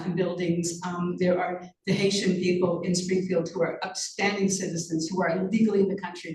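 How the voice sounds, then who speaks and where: A woman's voice: fairly low pitch, darkish tone. A woman author answers interview questions with earnest intensity, breaking off and restarting her thoughts. Her voice carries a roomy echo. She sounds a little distant from the microphone. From Canada. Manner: earnest, many restarts and fillers. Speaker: author and journalist guest. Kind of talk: conversational interview.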